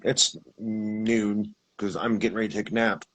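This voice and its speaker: A man recounts his experience in a husky, slightly low voice. He rambles, restarts his sentences and acts out what others said as he talks. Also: little pitch movement, moderate pace, fairly bright tone, rough recording. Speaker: guest telling his experience. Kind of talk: casual storytelling.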